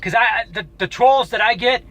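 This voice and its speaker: Bright-voiced man telling a story, swearing freely. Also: very high-pitched, rough recording. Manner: profane, halting, with frequent restarts. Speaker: YouTuber. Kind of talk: casual storytelling to camera.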